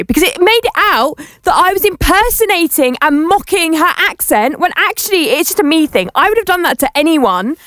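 A young woman hosting a radio show, telling a story in a chatty, animated way. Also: high voice, moderate pace, hardly any pauses, dry recording. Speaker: radio host.

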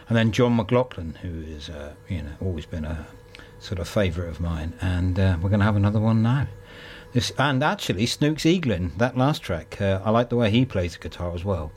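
A man's voice: sits low, a little mellow, slight background noise. A man hosting a music radio show, casually back-announcing tracks and rambling as he thinks aloud.

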